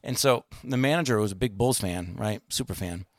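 A man's voice: on the low side, brisk, no room sound. A man telling a long anecdote in casual chat, rambling with many fillers and restarts and acting out the people he quotes.

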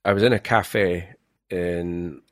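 A man's voice: sits low, steady tone, slow, no echo, clean studio sound. A man hosting an interview, chatting casually and telling rambling travel stories. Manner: rambling, anecdotal storyteller. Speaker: podcast host.

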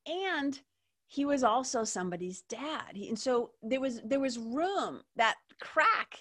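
Recounting her own story as an interview host, a woman speaks candidly and emotionally, peppering it with swearing and "like." Her slightly high, fairly bright voice has a sing-song lilt and an unhurried pace.

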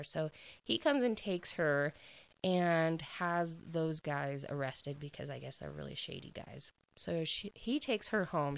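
A woman's voice: low-pitched, no room sound, poor audio. A young woman casually retelling a book's plot in a chatty way, filling her speech with "like" and laughing now and then. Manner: chatty, heavy "like" filler, quick laughs. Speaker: book reviewer. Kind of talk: casual book recap.

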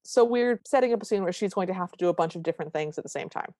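Lower-voiced woman recapping a movie. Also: rapid-fire, no echo, studio quality. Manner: animated retelling with quoted lines. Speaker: podcast co-host. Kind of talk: casual movie recap chat.

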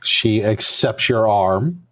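A man's voice: on the low side, animated, slow pace, a bit bright. A man narrating as game master, casual and asking questions of the players.

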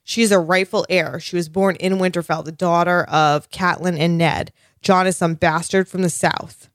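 A woman co-hosting a casual TV recap podcast, animated and swearing freely as she gushes about the show. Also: fairly low pitch, moderate pace, no room sound, clean studio sound. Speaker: podcast co-host.

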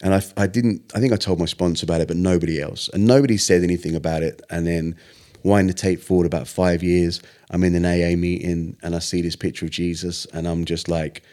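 A young man, a podcast guest, earnestly retelling a personal story in casual interview talk with lively acted-out quotes. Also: sits low, fairly quick.

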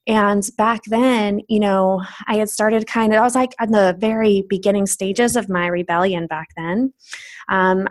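A woman's voice: mid-range voice, no echo. A young adult woman candidly reflecting on her spiritual journey in an earnest personal monologue. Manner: earnest, candid, with soft laughs and restarts. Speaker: speaker sharing a personal spiritual story.

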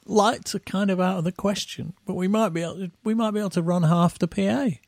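Gravelly man telling tour stories. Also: sits high, fast, darkish tone, no room sound. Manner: rambling, with acted-out quotes and laughs. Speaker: musician guest. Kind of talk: anecdotal storytelling.

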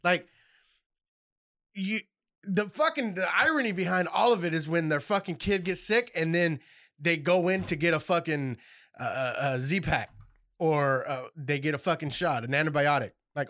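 A man's voice: a little high, moderate pace, a bit bright, dry recording, clean studio sound. A man in casual podcast chat, swearing constantly and getting worked up as he rants.

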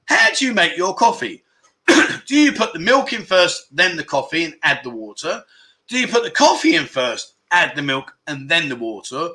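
A man's voice: a little high, very animated, moderate pace, sharp tone. A man hosts a casual livestream, joking and chatting as he reads viewer comments aloud and asks them questions. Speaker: livestream host. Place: home in Thailand.

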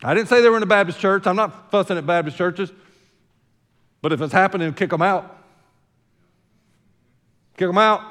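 A Southern American man preaches in a folksy style, his fairly high voice ringing through a big hall with a long reverb. He drops into quiet, chatty asides, then rises into loud, emphatic declarations. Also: moderate pace, pauses often. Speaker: senior pastor. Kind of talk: sermon.

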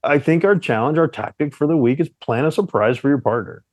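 A young man co-hosting a casual relationship chat with his partner, teasing and animated as he tells stories. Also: fairly high pitch, brisk, dull audio. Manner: playful, teasing, animated storyteller. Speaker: podcast co-host.

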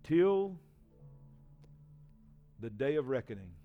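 A man in his forties, a pastor, giving an emotional personal testimony in a sermon, swinging from hushed to loud. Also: medium pitch, moderate pace, phone-quality sound, faint music behind. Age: 40s.

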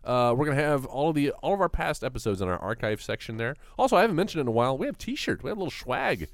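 A man's voice: mid-range voice, very animated, gravelly, dry recording. A man co-hosting a casual podcast, joking around and drawing out hesitant phrases. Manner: jokey, drawn-out hesitant phrasing. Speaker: podcast co-host.

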